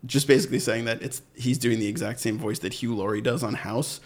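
A man's voice: mid-range voice, fairly even intonation, fairly quick. A man co-hosting a podcast, chatting casually in a playful, joking way that trails off mid-sentence. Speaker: podcast co-host. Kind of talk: casual chat. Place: Glendale, California.

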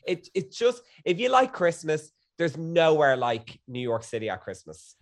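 A young man guest in a casual chat, telling stories in a gushing, excitable way. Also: on the high side, moderate pace.

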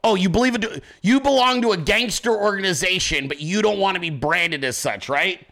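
A furious male commentator who hosts his own show and tears into his targets with profanity and sarcasm. His voice is high and cutting, and the delivery sounds forceful and tense. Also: moderate pace. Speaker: host of a political commentary show. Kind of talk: profane political rant.

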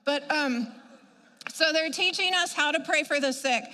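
A woman giving a church testimony as an animated storyteller who acts out the voices she quotes and laughs at herself. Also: high voice, unhurried. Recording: long reverb of a large hall.

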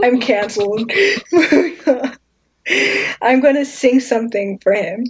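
A woman's voice: on the high side, measured pace, slight background noise. A young woman chatting casually with friends, giggly and rambling, full of slang. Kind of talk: casual podcast chat among friends.

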